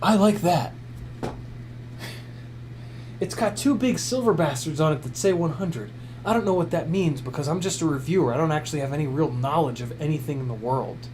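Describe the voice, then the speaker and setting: A man's voice: on the high side, moderate pace, darkish tone, slight background noise, close to an everyday voice. A man doing a clueless gadget reviewer. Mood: mock-naive. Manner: silly mock-naive commentary.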